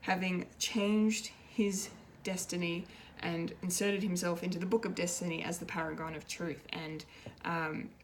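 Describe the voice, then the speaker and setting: A woman reviewing a TV episode in a casual, rambling way, excitable and full of fillers and restarts. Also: lowish voice, a little slow, few pauses, a little hiss or hum. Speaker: pop culture reviewer, show regular.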